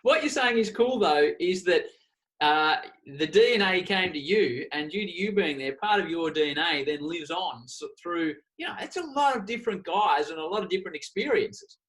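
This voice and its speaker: A man's voice: high-pitched, animated, moderate pace, a bit bright, low-quality recording. An Australian man hosting a sports podcast, asking questions in a joking, casual way. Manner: joking, laughs along. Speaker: podcast host. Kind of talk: casual interview chat.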